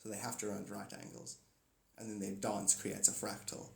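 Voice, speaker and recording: A man's voice: fairly low pitch, level tone, normal speed, vocal fry, echoey room. A man chatting loosely on a phone live stream, rambling between ideas and greeting viewers by name. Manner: rambling, playful, breaks into silly singing and greetings. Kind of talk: casual live stream chat.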